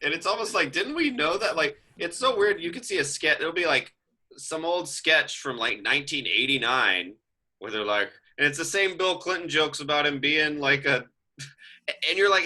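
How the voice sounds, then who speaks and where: Male comedy co-host, wry riffing storyteller; very bright, animated voice. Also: fairly high pitch, normal speed, low-quality recording. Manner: wry storytelling riffs with lively asides. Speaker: podcast co-host. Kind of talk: casual comedy chat.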